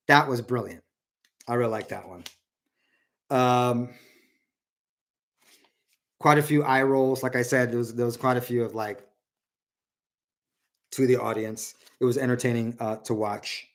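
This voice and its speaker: A man's voice: medium pitch, steady tone, unhurried, long pauses. A man giving casual solo political commentary, rambling and repeating words, and raising his voice when he quotes others.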